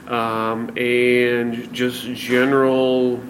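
A man at an average pitch introducing himself as a podcast guest, halting and hesitant with plenty of fillers. There is a faint hum of ambience around him. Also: flat delivery, rough recording. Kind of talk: casual interview. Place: gaming convention.

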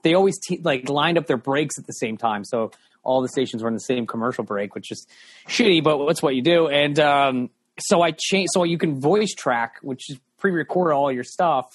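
A man's voice: fairly high pitch, normal speed, breathy edge. A man hosting a podcast, telling casual stories in a loose, profane way. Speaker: podcast host, former radio DJ. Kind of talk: casual storytelling chat.

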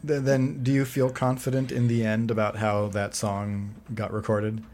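A man's voice: fairly low pitch, flat delivery, normal speed, a little mellow. A man interviewing a guest in a casual chat, joking and laughing along.

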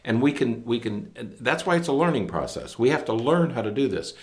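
A man's voice: mid-range voice, big pitch swings, a little fast. A middle-aged man and educator co-hosting a parenting talk show, speaking emphatically and acting out what kids and parents say. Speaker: podcast co-host, educator. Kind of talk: casual parenting advice chat.

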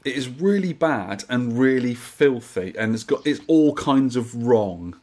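A man's voice: mid-range voice, animated, unhurried, darkish tone. A man co-hosting a podcast in casual, jokey chat, reading listener messages aloud. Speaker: podcast co-host.

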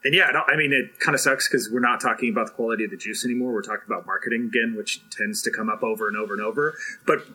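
A man's voice: mid-range voice, rapid-fire, few pauses, pushed and bright, breathy edge, low-quality recording. A man co-hosting a casual podcast, explaining his points at length in a thoughtful way. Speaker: podcast co-host.

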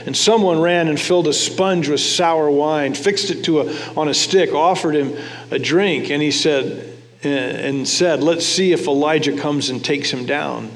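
A man preaching a sermon with a fairly high voice. He talks to the congregation in a conversational way, tossing them questions, and his words ring with the long reverb of a large hall. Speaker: pastor.

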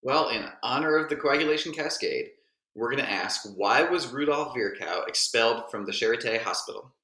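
An easygoing man, an emergency physician, reads the show's sign-off and chats on a podcast. His voice is bright and sharp, and it echoes around a roomy space. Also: medium pitch, animated, normal speed, faint music behind. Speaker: guest co-host, emergency physician. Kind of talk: casual chat. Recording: roomy echo.

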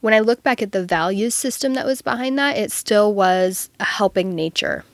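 A woman's voice: mid-range voice, moderate pace, no room sound, clean studio sound. A woman in her thirties, a marketing coach, talking casually in an interview and using lots of "um" and "like". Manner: chatty, many fillers like "um" and "like". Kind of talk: conversational interview.

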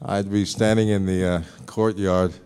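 A man answering fan questions as a guest on stage, pausing often with "uh" and chuckling as he tells stories. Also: sits low, little pitch movement, a little mellow, smooth. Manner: halting, many "uh"s, chuckles often. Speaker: celebrity guest on a fan panel. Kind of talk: casual stage Q&A. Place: large half-full stadium stage.

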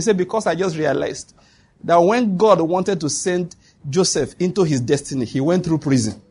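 A pastor preaches to a church congregation that answers him, making emphatic, repeated declarations punctuated by bursts of laughter. His voice is high and slightly rough with a darkish tone, and he speaks at a normal speed.

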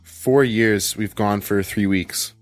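A man's voice: on the low side, takes it slowly, faint music behind. A man from Canada in a casual group chat, rambling on and filling his talk with "like". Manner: rambling, full of "like" fillers.

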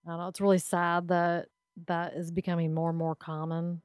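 A woman co-hosting a casual podcast, reading out news stories in a measured, mildly wry way. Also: lowish voice, flat delivery, a little mellow, clean tone, no room sound, studio quality.

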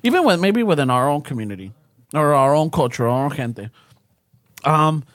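Animated, lively man. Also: a little high, moderate pace, no echo, clean studio sound. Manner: animated storyteller, switches between English and Spanish. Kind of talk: casual chat.

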